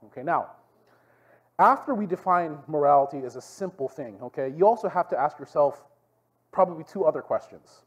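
Speaking in fairly high, husky tones, this man leads a youth group as its pastor, his English carrying a Hawaiian Pidgin tinge. He tells animated stories and keeps checking in with "okay?" asides. The audio has its highs cut off.

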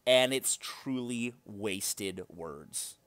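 A man co-hosting a casual book discussion podcast, joking and quick with asides. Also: lowish voice, fairly bright tone, dry recording. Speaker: podcast co-host.

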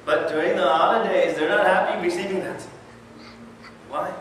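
A man's voice: high voice, normal speed, pauses often. A man giving a conversational religious talk, often asking his listeners questions. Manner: conversational, animated, asks the audience questions. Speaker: Islamic lecturer. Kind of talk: sermon. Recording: echoey hall from far off, noisy.

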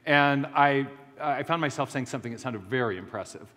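A man's voice: mid-range voice, brisk, a bit bright. Man lecturing in a reverberant hall. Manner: anecdotal storytelling with frequent restarts; self-deprecating humor. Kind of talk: public lecture.

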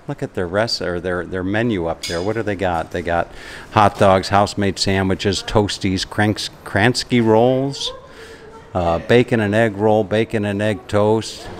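Chatty, enthusiastic man vlogging. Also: low-pitched. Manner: chatty, enthusiastic, rambling with restarts. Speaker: travel vlogger. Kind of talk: casual travel vlog. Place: roadside café and shop.

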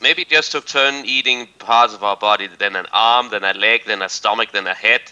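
A man's voice: fairly low pitch, normal speed, sharp tone, smooth, muffled recording. A man playing along in a co-op game session, trading grim jokes with his friends. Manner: grim joking, playful. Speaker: co-op player. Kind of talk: casual gaming banter.

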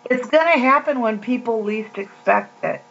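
A woman's voice: a little high, fairly bright tone, breathy edge. A woman giving a casual, earnest devotional talk, telling stories in a rambling, heartfelt way. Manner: slow, earnest, rambling storytelling. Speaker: Christian video host. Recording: dull lo-fi home recording.

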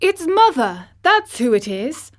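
A woman voicing an excited country boy. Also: on the high side, moderate pace, close to an everyday voice.

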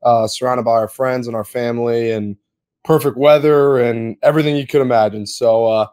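A man's voice: mid-range voice, steady tone, moderate pace, darkish tone, no echo, studio quality. A man who produces a podcast, talking in an earnest, heartfelt way with many fillers. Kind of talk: casual podcast chat.

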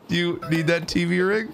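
A man streaming a shooter game with his squad, trading jokes and quick comebacks over a headset mic. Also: high voice, gravelly, heavy background noise. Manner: joking banter, quick comebacks. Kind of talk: casual gaming chat.

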